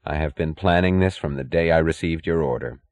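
A stern, commanding male industrialist speaks in firm, clipped phrases, as an audiobook narrator puts him on. The voice sits very low and deep. He sounds resolute, a man who has made up his mind. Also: a little fast, a little mellow, no room sound. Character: stern determined male steel magnate, adult.

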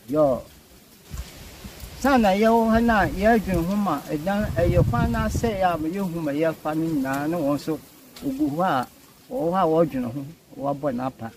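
A man's voice: sits high, a little mellow, slight background noise, poor audio. A man from Ghana with a Fante accent, speaking earnestly to a local news camera outdoors in a rural village, repeating words for emphasis. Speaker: community member.

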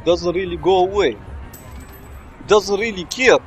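A man commentating casually on his gameplay in broken English, bursting into excited shouts. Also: a little high, unhurried, soft background music. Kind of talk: casual let's-play commentary.

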